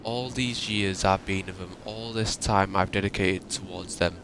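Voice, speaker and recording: A man's voice: low-pitched, fairly even intonation, normal speed, fairly bright tone, slight background noise. A man ranting in an upset, emotional way and swearing often, as a YouTuber talking to his viewers. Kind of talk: ranting monologue.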